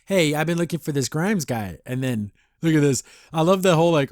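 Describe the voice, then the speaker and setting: A man's voice: on the high side, animated, a little fast, a little mellow, no room sound, clean studio sound. A man hosting a podcast, giving a casual, rambling review of a cartoon episode, acting out the characters' lines and laughing often. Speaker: podcast host.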